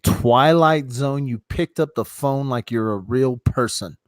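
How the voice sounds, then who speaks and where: A man's voice: medium pitch, normal speed, darkish tone, no echo, studio quality. A middle-aged man hosting a casual live stream from his phone, rambling loosely and swearing freely as he talks with callers. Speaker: livestream host taking callers.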